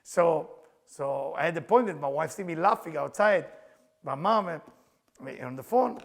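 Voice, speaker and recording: A man teaching with personal stories, an animated storyteller who speaks English as a second language with loose grammar. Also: fairly high pitch, brisk, vocal fry. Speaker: spiritual teacher.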